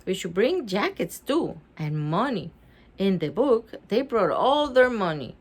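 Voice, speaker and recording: A woman's voice: mid-range voice, very animated, measured pace. A woman voicing a confident, scheming little girl in a storybook reading, with a matter-of-fact, know-it-all manner. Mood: planning.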